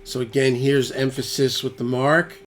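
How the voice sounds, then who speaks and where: A man chatting through a studio gear demo, thinking aloud in loose half-finished phrases at an ordinary, mid-range pitch. Loud electric guitar playback sits behind his voice throughout. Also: flat delivery, moderate pace. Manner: thinking aloud, trailing off between tweaks. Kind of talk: casual studio demo talk.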